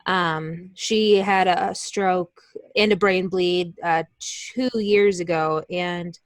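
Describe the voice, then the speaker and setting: A woman co-hosting a true crime podcast, speaking in a halting way with hesitant fillers. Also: lowish voice, fairly even intonation, dry recording. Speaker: podcast co-host.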